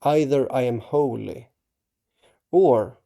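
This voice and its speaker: A man hosting his own channel, talking to camera in a halting, earnest way, restarting his sentences and checking in with tag questions. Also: medium pitch, creaky, mellow. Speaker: artist and channel host. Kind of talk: casual talk to camera.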